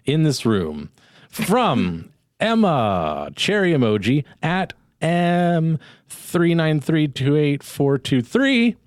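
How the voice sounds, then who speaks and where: A man's voice: on the high side, very animated, takes it slowly, no room sound. A man hosting a comedy podcast, reading tweets aloud with playful mock grandeur. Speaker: podcast host. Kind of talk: casual comedy podcast chat.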